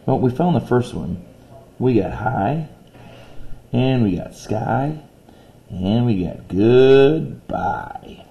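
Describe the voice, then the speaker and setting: A male teacher recording a lesson video, patiently explaining a poem step by step and reading its lines aloud slowly. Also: mid-range voice, gravelly, mellow.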